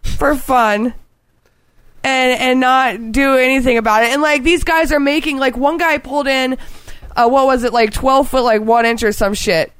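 Young woman gushing and swearing nonstop on a podcast, high smooth voice, dry close sound. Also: moderate pace, dry recording. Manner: excitable, swears a lot, rambling. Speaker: podcast co-host. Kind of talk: casual chat.

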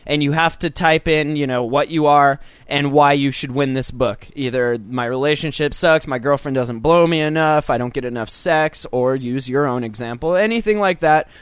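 A man's voice: on the high side, moderate pace, few pauses, clear, resonant tone, dry recording. A man co-hosting a casual podcast, joking and rambling with crude humor. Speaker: podcast co-host. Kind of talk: casual chat.

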